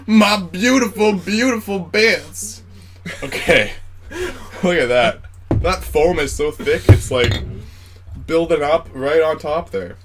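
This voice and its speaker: A man's voice: fairly high pitch, takes it slowly, pauses often, music in the background. A man co-hosting a casual beer review, talking in a playful, rambling, joking way. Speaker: co-host of a beer review show. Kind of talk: casual chat.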